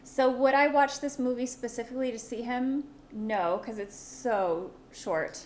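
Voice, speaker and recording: Slightly high-voiced woman podcast co-host. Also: unhurried, darkish tone. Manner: casual, runs through rating categories. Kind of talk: casual chat.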